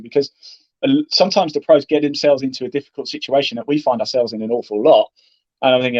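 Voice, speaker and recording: A man's voice: medium pitch, fast, no room sound, highs cut off. A man, a golf broadcaster, chatting as an interview guest and acting out what he would say to players. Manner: chatty, animated storytelling with acted-out quotes. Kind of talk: casual interview talk.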